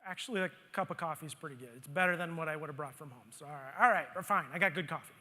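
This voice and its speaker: A man speaking at a conference, telling a story from his own life in an animated way and acting out his own grumbling. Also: on the high side, rapid-fire. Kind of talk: storytelling talk on stage. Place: conference hall stage. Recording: long hall reverb.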